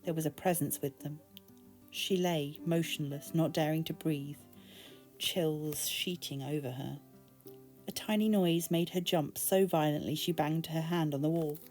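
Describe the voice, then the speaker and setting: Brief: British woman, expressive book narration, low-pitched and warm. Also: a little slow, soft background music. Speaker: booktube reader. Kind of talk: reading a novel aloud.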